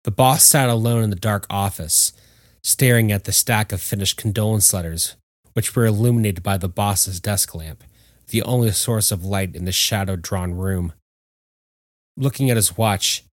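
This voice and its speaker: Steady low-voiced male storyteller. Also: normal speed, dry recording, clean studio sound. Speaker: narrator. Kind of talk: audiobook story narration.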